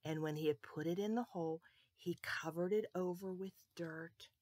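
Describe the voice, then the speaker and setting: A woman telling a Bible story to children, expressive and asking her listeners questions. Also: lowish voice, normal speed, no room sound, studio quality.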